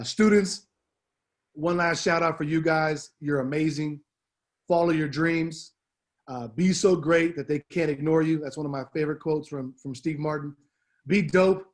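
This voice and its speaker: A middle-aged man, a departing assistant principal, giving an upbeat, heartfelt farewell speech on the school announcements, slangy and full of fillers. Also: on the high side.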